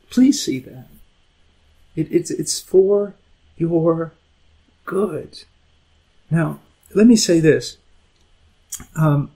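A middle-aged man preaching an impassioned sermon, moving between loud emphasis and hushed, quiet lines. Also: a little high, slightly rough, poor audio.

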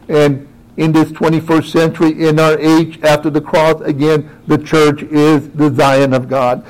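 A man preaching a sermon who talks directly to his congregation, moving from quiet asides to rising, emphatic exclamations. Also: a little high, little pitch movement, measured pace, poor audio.

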